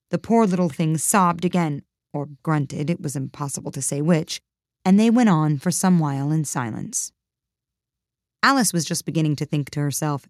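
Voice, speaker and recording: A woman narrates a storybook in a calm, even manner. Her voice is low and mellow. The recording is dry and close, with no room sound. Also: normal speed, no room sound. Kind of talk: storybook reading.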